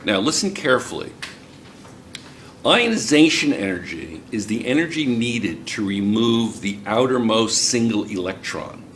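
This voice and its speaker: An American man with a New Jersey accent teaches a chemistry class and keeps firing questions at the students. His voice is bright. A faint room hum sits behind him. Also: mid-range voice, lively intonation, measured pace. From United States. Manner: chatty, asks the class questions. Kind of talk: classroom lecture.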